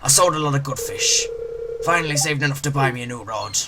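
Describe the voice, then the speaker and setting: A man voicing a hearty old male fisherman in a gruff pirate voice over loud ocean game noise. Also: medium pitch, fast talker, voice pushed up, lightly acted. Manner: gruff, swaggering sea-dog talk.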